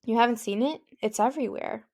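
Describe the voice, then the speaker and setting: A woman voicing an eager, outspoken teenage girl friend who is quick to outrage, in a lifted, lively voice. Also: a little high, close to an everyday voice. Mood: curious.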